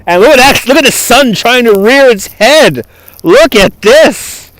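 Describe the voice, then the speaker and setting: A man with a fairly high voice hosts a live stream outdoors, speaking into a phone on a gimbal. He chats loosely and laughs often as he thanks viewers by name. The sound is dry and close. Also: expressive, measured pace, a bit bright, no room sound. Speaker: livestream host. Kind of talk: live walking stream chat. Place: outdoors on a cold waterfront.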